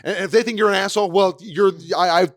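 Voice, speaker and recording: Fast-talking young man rambling on a podcast. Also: sits high, fairly even intonation, no room sound, studio quality. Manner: rambling, restarts often, swears freely. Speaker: podcast co-host. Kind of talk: casual chat.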